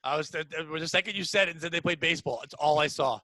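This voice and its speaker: A man with a high voice hosts a loose comedy podcast. He riffs excitedly and breaks into loud bits. His voice is bright and edgy, recorded close and dry. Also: fast, no echo, poor audio. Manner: excitable, riffing, bursts into shouted bits. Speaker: podcast host. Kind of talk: casual comedy podcast banter.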